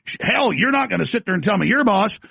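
A man putting on the voice of a brash, defiant male president in a quick impression. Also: sits high, expressive, creaky, sharp tone, husky, no echo, full character voice. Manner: brash, indignant.

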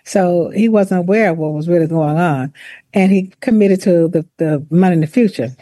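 A woman recounts her career in a measured, deliberate way, often pausing and restarting. Her voice is warm and mellow. The recording is close and dry, with no room sound. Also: lowish voice, dry recording. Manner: deliberate, reflective, with restarts and laughs. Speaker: former university president, author. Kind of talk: interview, personal account.

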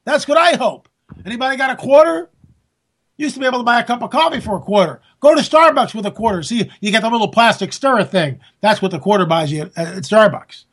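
A man delivering a solo political commentary in a high voice. He rants with a sarcastic edge and his voice climbs toward near-shouts. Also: animated, fast talker. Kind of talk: monologue commentary.

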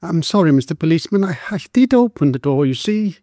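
A man reading a story, voicing a poor, timid young woman who stammers and pleads in a shrill, lisping voice. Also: moderate pace, gravelly, mellow, no echo, studio quality. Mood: apologetic.

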